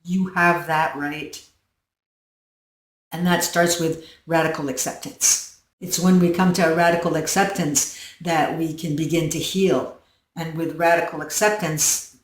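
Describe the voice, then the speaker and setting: Woman, host, self-help monologue, earnest, storytelling, slow, roomy echo, distant mic. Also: deep voice, fairly even intonation. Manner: slow, earnest, storytelling with soft dips in volume. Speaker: channel host.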